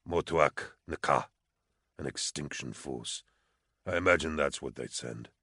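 A man voicing a calm condemned male prisoner who speaks in a placid, reasoned, quietly detached way. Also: very deep voice, unhurried, husky, dry recording, clean studio sound, pitched below the performer's own voice, exaggerated voice.

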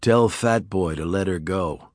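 A man's voice: low-pitched, measured pace, no echo. Brief: wry, unflappable hero, read by a male narrator, slightly raised, dry close sound. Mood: defiant. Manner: calm, dry, cutting.

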